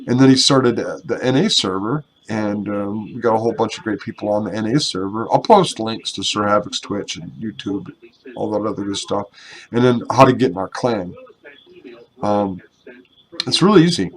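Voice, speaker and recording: A young man with a fairly low voice talks at a moderate pace, rambling over gameplay into a headset at his computer, poking fun at himself and swearing casually. He's a gaming YouTuber and clan member, and the recording quality is poor.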